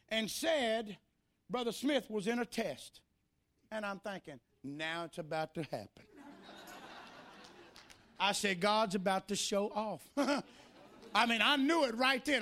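A man preaches a church sermon in a high-sitting voice, shifting from shouted, sing-song delivery to gentler, folksy stories.

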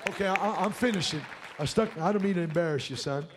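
High-voiced preacher, hushed to shouting. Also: male voice, fast talker, over a noisy crowd, very noisy. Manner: swings from hushed to shouting, colloquial and blunt. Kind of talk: revival sermon.

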